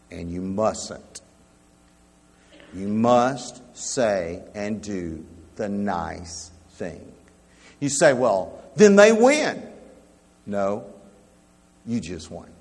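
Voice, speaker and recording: A pastor preaching a sermon, slow and emphatic, dropping to a hush and then rising loud to make his points. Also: lowish voice, breathy edge. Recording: long hall reverb.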